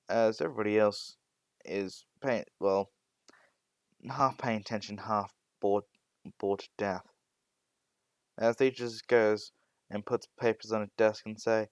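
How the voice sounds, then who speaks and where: A man's voice: on the low side, smooth, dry recording, clean studio sound. A man narrating an improvised fan-fiction story, rambling with frequent restarts and fillers.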